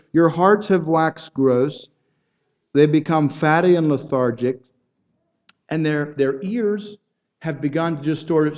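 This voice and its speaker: Man, preacher, sermon, earnest, rhetorical questions, repeats phrases, slightly high voice, muffled lo-fi recording. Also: darkish tone. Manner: repeats words and restarts phrases.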